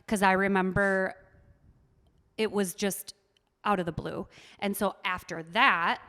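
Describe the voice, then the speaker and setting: A candid woman in her thirties, speaking openly as a podcast guest at a middle pitch. Her voice rings out with a long reverb from the room around her. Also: fairly even intonation, unhurried, pushed and bright. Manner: candid, open storyteller. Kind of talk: casual chat.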